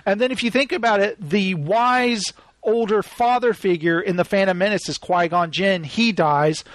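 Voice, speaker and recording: High-voiced excited man, dry close sound. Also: normal speed, no echo. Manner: animated, acts out scenes with sudden shouts. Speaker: podcast co-host discussing a film. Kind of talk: excited casual chat.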